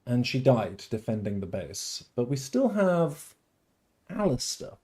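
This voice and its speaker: A man hosting a casual game livestream, talking theatrically and swinging from loud outbursts to mock-tender murmurs. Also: on the low side, normal speed. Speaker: livestream host. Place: at home.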